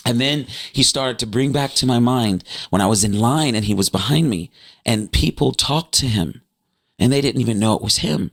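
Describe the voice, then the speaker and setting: A man animatedly telling a personal story, his voice leaping high when he relives key moments. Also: normal speed, fairly bright tone.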